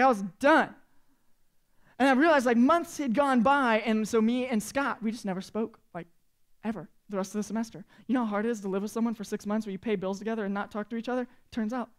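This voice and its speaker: A man's voice: sits high, clear, resonant tone. A youth pastor in his late twenties telling a humorous, chatty story to students, acting out the quotes. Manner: animated, chatty, acts out quotes with big swings in volume.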